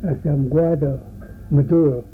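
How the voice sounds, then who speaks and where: A man's voice: a little high, steady tone, moderate pace, warm tone, slight background noise, low-quality recording. An older man, telling folksy stories in a rambling way for an oral history interview. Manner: rambling, folksy, acts out voices in his stories.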